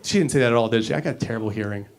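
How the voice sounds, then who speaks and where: Rapid-fire and medium-pitched, this stand-up comedian works a club stage with a handheld mic. His delivery is brash and profane, lurching between loud bursts and mumbled asides.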